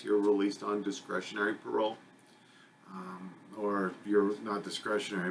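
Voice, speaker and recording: A man with a fairly low voice delivers a recorded lecture to his students. He speaks conversationally, often pausing on fillers and correcting himself mid-sentence. A faint background hum runs under the recording. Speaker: college criminal justice instructor.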